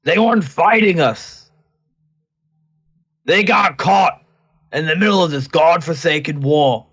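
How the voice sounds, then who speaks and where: A man playing his character in a tabletop game, speaking gruff and firm. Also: fairly high pitch, a little slow, fairly bright tone. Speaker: player.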